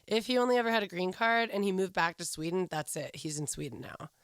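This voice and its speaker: A woman's voice: fairly low pitch, animated, fast, no echo, clean studio sound. A young woman from California co-hosting a podcast in casual, sarcastic chat, swearing freely. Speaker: podcast co-host.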